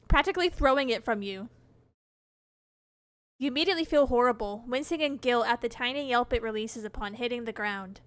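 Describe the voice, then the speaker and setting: A woman's voice: a little high, brisk, sharp tone, dry recording. A woman streaming a game live. She reads the game's narration aloud and reacts with frequent laughter and swearing. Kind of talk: live gameplay commentary, reading game text aloud. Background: game music.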